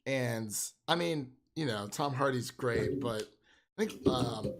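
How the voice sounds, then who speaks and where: A man's voice: mid-range voice, slow pace, vocal fry. Male co-host, rambling casual talker, full of fillers and restarts. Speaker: podcast co-host. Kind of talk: casual chat.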